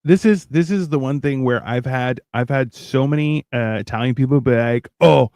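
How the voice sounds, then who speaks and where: A man's voice: medium pitch, normal speed, darkish tone, no room sound. A man telling rambling anecdotes in casual chat, acting out quoted lines in playful voices. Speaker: podcast co-host.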